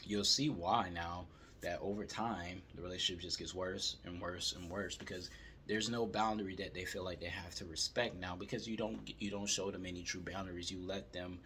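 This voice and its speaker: A man calmly telling a story as he gives dating advice to male viewers. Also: sits low, normal speed, slight background noise. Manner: calm, steady storytelling.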